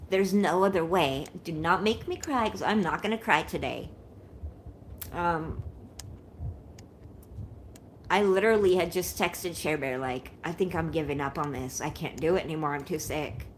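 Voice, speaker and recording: A woman's voice: low-pitched, normal speed, pauses often, slight background noise. A woman in her forties chatting casually with viewers on a livestream, shaky and unwell, talking in an emotional, rambling way and thanking them often. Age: 40s.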